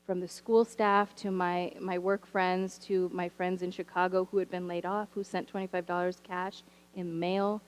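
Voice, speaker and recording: A woman teacher telling stories from her classroom in a church sermon, animated and wry, with humorous asides. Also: fairly low pitch, normal speed, poor audio. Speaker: teacher sharing a story from the pulpit. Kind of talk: storytelling sermon. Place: church sanctuary.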